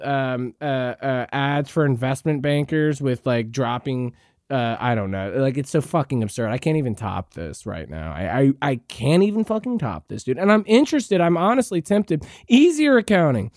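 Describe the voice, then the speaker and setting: A man's voice: medium pitch, big pitch swings, moderate pace, darkish tone, dry recording, studio quality. A man hosting a podcast, ranting sarcastically with lots of swearing and restarts. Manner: profane, rambling, sarcastic; frequent restarts and fillers. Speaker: podcast host. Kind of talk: ranting commentary.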